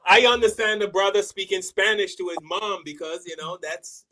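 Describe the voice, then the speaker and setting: A man's voice: high voice, moderate pace, bright, forceful tone, low-quality recording. A man from Barbados co-hosting a casual chat, talking earnestly and often asking whether he is understood. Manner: earnest, reflective, asks for agreement. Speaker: co-host.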